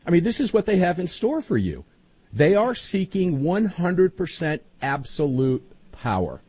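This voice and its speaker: A man hosting a political talk show, joking and egging his guests on in an animated way. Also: high-pitched, unhurried, slightly rough, dry recording. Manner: animated, jokey, eggs guests on. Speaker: host.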